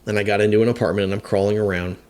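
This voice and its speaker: A very deep-voiced man in his fifties tells a story in a relaxed interview. He is a firefighter, candid and self-deprecating, and he often stops to restart with fillers along the way. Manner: halting, many fillers and restarts. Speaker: firefighter guest.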